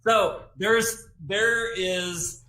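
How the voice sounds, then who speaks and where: Brief: man in his forties, laid-back late-night banter, unhurried delivery, quick to laugh. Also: high-pitched, steady tone, sharp tone. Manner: loose, joking, laughs often. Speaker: guest co-host. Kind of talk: casual late-night chat.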